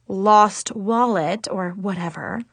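A woman's voice: mid-range voice, slow, husky, no room sound. A woman doing a snooty store cashier lady. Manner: sniffy, condescending.

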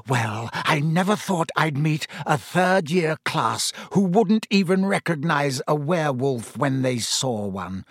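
A man voicing a cold, contemptuous male schoolmaster who speaks slowly and deliberately, sinking to a soft menacing hush. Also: fairly high pitch, slightly rough, no echo, studio quality, pitched above the performer's own voice, heavily acted. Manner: slow, clipped and icily deliberate, dropping to a soft menacing hush.

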